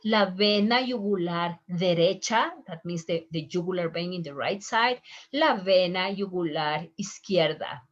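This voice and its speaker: Unhurried female teacher, native Spanish speaker, repeats each term; slightly lo-fi sound. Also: fairly low pitch. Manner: slow, patient, repeats terms for pronunciation. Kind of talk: medical Spanish lesson.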